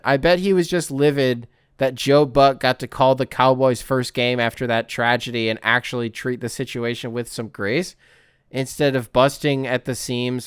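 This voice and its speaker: Laughing, riffing man, smooth and dry. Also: mid-range voice, no echo. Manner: laughs often, riffs and swears while reading. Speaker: podcast host. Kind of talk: casual sports podcast, reading listener email.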